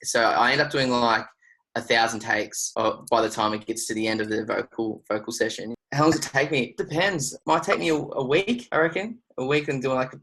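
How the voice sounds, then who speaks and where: Guest: Australian man, mid-pitched, laid-back and rambling, peppered with "like", casual shop talk. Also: a little fast, rough recording. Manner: relaxed, rambling, lots of 'like' fillers. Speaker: guest producer. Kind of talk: casual studio interview.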